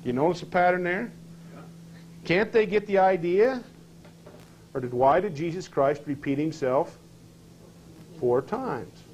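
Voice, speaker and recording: A man's voice: high-pitched, animated, unhurried, long pauses, darkish tone, slight background noise, poor audio. A man teaching a scripture class, questioning his listeners and reading verses aloud with rising emphasis.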